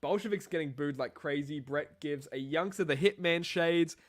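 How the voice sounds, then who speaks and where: A man's voice: fairly high pitch, moderate pace. Profane, rambling young man co-host. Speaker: podcast co-host. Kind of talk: casual wrestling review chat.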